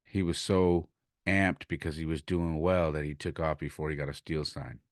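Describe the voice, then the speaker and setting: A man's voice: rumbling low, steady tone, moderate pace, no echo, studio quality. A man hosting his podcast, animatedly telling a story from coaching youth baseball and retelling conversations in his own words.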